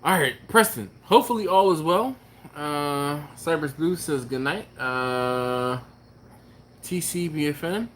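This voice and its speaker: A man's voice: on the high side, slow, fairly bright tone, a little hiss or hum. Chuckling, laid-back live-stream host, a man. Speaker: barbecue channel host. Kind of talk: casual late-night live-stream chat, reading comments aloud.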